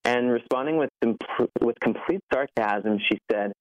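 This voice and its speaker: In a conversational podcast interview, a man who founded an app speaks earnestly at a normal speed in a medium-pitched voice. He fills his speech with "like" and gives a nervous laugh. The background is noisy, and the recording sounds dull, muffled, and lo-fi.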